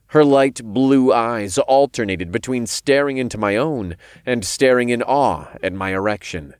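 A man reading a first-person story aloud in a calm, measured way. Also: lowish voice, no echo, studio quality. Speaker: narrator.

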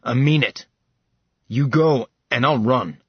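A man voicing a stubborn, protective man who speaks forcefully and insistently in audiobook narration. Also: medium pitch, slow, slightly rough, no room sound, muffled recording.

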